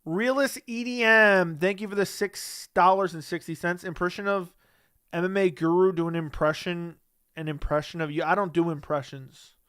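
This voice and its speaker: A man's voice: fairly high pitch, steady tone, normal speed, clear, resonant tone, no room sound, clean studio sound. A man hosting a casual livestream, reading chat messages aloud and answering them in a blunt, dismissive way.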